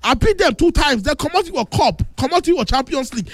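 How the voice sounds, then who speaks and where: A man with a Nigerian Pidgin accent hosting a call-in football talk show on the radio, boastful and teasing, now and then bursting into shouts. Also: very high voice, expressive, fairly quick, no room sound, faint music behind. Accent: Nigerian Pidgin English. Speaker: radio sports show host.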